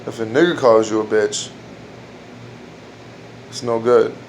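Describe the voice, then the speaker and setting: A man's voice: medium pitch, steady tone, unhurried, darkish tone, slight background noise. Rambling crude man telling jokes at home. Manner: rambling, crude, restarts jokes and laughs at his own lines. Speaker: amateur comedian trying out jokes. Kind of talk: casual joke-telling at home. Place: dark room at home.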